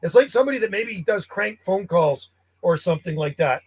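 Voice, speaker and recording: Casting: man, high voice, chatty and blunt radio operator calling on the band. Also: expressive, a little fast. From Canada. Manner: chatty, blunt, clears throat often. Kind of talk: casual radio chat and calling.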